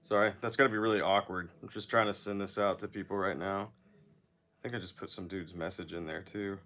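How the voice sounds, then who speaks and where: A man's voice: low-pitched, steady tone, a little fast, bright, forceful tone. A man hosting a casual livestream, chatting in a rambling way while repairing action figures and reading chat aloud.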